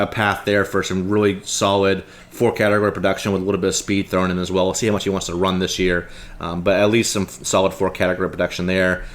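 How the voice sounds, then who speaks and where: A man appearing as a guest analyst, talking casually and reeling off numbers with many fillers. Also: low voice. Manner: rattles off stats, many "like" and "you know" fillers. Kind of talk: casual sports chat.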